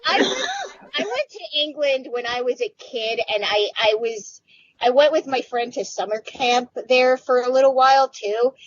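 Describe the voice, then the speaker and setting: American woman co-host, high and blunt, foul-mouthed chat, dull lo-fi sound. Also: lively intonation, normal speed, slight background noise. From United States. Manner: blunt, swears freely. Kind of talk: casual chat.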